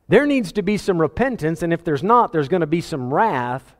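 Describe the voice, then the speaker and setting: A male pastor delivers an animated sermon, reading scripture aloud and voicing the people in it. His voice sits a little high for a man. The sound rings with the long reverb of a church sanctuary. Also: moderate pace. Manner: animated preaching with quoted voices and laughs.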